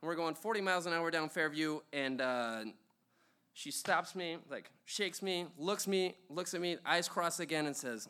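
A man's voice: fairly high pitch, moderate pace, sharp tone, clear, resonant tone. A young man telling a funny personal story at a live show, rambling with lots of ums and uhs and chuckles.

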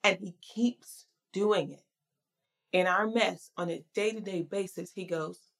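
Woman preacher, unhurried sermon, conversational and emphatic. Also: medium pitch, gravelly, fairly bright tone.

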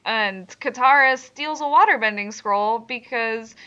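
A woman's voice: fairly high pitch, measured pace, pushed and bright, clear, resonant tone, lo-fi sound. A woman co-hosting a podcast, recapping episodes in casual, giggly chat full of ums. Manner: chatty, giggly, many ums. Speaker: podcast co-host.

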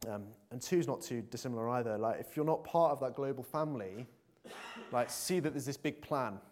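A man's voice: mid-range voice, brisk, darkish tone. A man preaching a conversational sermon in a church, earnest and full of fillers, building to emphatic appeals.

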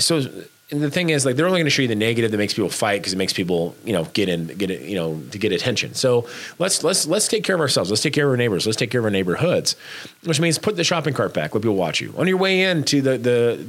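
A man's voice: mid-range voice, fairly bright tone. A man co-hosting a casual chat, urging listeners to be kind, talking emphatically and bluntly with frequent restarts.

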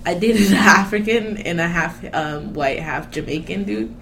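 Young woman, casual chat, blunt, swearing, animated, faint background noise. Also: lowish voice, moderate pace, gravelly. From Haitian family.

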